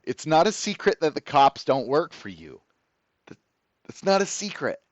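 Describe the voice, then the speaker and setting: A man's voice: on the high side, very animated, normal speed, no echo, highs cut off. A man ranting to the camera as host of his own channel, profane, sarcastic and exasperated.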